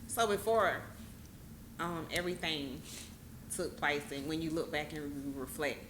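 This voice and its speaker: Low voice woman w/ aave hosting, lots of mm-hmms, bit of hiss behind. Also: moderate pace. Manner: affirming, finishes the guest's sentences. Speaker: podcast host. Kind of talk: casual interview.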